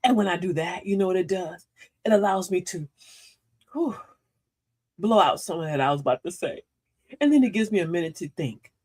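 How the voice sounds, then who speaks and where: Older lady, playful and preachy, pitch all over the place, hosting a live self-help chat. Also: moderate pace, long pauses, husky. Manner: animated, preachy, playful with slang. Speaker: host of a live talk show. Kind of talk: motivational live-stream talk.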